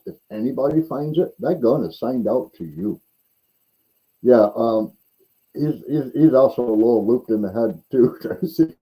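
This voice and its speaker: A man's voice: on the low side, dark tone, low-quality recording. A man hosting a casual livestream, telling rambling stories with repeated words and chuckles. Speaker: host.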